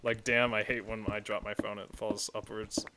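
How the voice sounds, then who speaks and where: A man from the United States streaming a game, chatting casually and telling stories in an excitable way, swearing freely. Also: lowish voice, moderate pace, background noise. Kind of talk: casual commentary while gaming.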